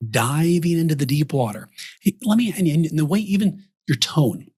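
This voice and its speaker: A man's voice: on the high side, moderate pace, slightly rough. A man from Texas, a guest on a podcast, coaching advisors by acting out example conversations. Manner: animated storyteller acting out example dialogues. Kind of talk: podcast interview talk.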